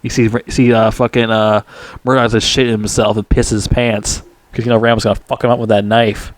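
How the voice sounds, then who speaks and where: A man's voice: lowish voice, flat delivery, fairly quick, dry recording. A man reviewing a movie in a casual, rambling recap, swearing freely and stumbling over fillers and restarts. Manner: profane, full of fillers and restarts.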